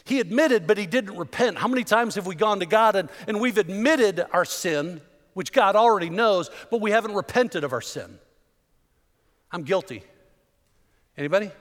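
A man's voice: high-pitched, animated, moderate pace, a bit bright. A man preaching a fervent sermon in a church, driving points home with repeated rhetorical questions. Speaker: pastor. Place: church sanctuary. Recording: long hall reverb in a church.

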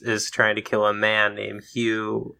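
A man's voice: on the low side, completely flat delivery, slow, gravelly, sharp tone, smooth. A man co-hosting a comedy podcast with dry, mock-offended humor. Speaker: podcast co-host. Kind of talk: casual comedic banter.

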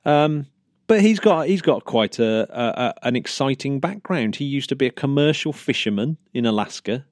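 A man's voice: mid-range voice, lively intonation, moderate pace, darkish tone, dry recording, clean studio sound. A man co-hosting a casual news chat, chatty, laughing often and restarting sentences. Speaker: podcast co-host.

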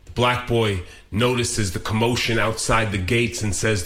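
A man's voice: medium pitch, normal speed, few pauses, fairly bright tone, soft background music. A man performing spoken word poetry, his delivery rising into intense, near-sung declamation.

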